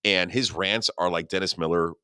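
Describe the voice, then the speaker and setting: A man co-hosting a casual podcast, talking in a profane, rambling and animated way. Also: low-pitched, moderate pace, smooth, dry recording, clean studio sound. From Mexican-American. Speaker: podcast co-host.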